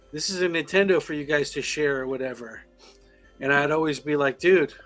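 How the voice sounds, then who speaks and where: A man's voice: a little high, fairly bright tone. A man co-hosting a podcast, telling a playful story in casual chat, swearing and acting out voices. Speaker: podcast co-host.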